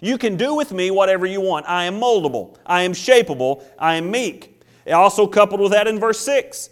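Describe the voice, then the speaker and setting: A man's voice: sits high, animated, normal speed. A male pastor preaching a sermon with an emphatic, repetitive cadence.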